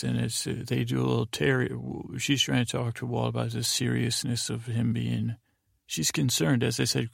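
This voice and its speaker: A man hosting a podcast, recapping an episode in a meandering, monotone way with many fillers and restarts. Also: mid-range voice, dry recording, studio quality. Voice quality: gravelly. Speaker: podcast host.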